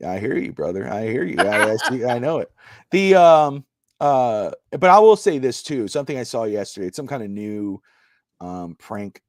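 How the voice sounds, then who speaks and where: A man's voice: mid-range voice, sing-song, normal speed, dry recording, clean studio sound. A man co-hosting a casual sports podcast, rambling through stories with lots of fillers. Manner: rambling, storytelling with repeated fillers. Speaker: podcast co-host. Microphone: live stream microphone.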